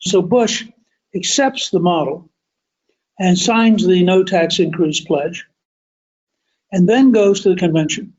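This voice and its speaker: A man's voice: high-pitched, takes it slowly, long pauses, darkish tone, muffled recording. An older man hosting a podcast, recounting political history in a storytelling way. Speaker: podcast host. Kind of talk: storytelling commentary.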